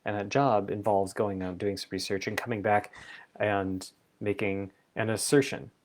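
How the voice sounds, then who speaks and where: A man's voice: on the low side, level tone, normal speed, a little hiss or hum. A man hosting a reflective solo talk, thinking aloud in an exploratory, playful way. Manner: thoughtful, exploratory, playful asides. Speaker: vlog host.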